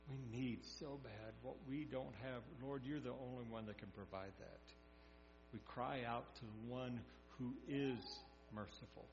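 A man's voice: mid-range voice, normal speed. A man preaching a sermon, telling scripture stories in a folksy way and acting them out. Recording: echoey hall, dull sound, mains hum.

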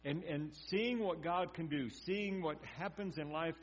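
A man delivers a conversational sermon, voicing quotes and sinking into hushed, earnest passages. His voice sits a little high for a man. The recording is dull and muffled, with a steady mains hum underneath. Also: measured pace. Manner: conversational preaching, acts out quotes, drops to quiet intensity. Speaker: pastor.

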